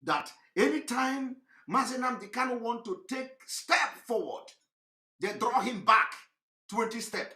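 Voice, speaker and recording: A man giving impassioned livestream commentary, preachy and repetitive, firing rhetorical questions and swinging between shouting and low tones. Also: expressive, a little slow, reverberant. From Nigeria. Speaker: online broadcaster.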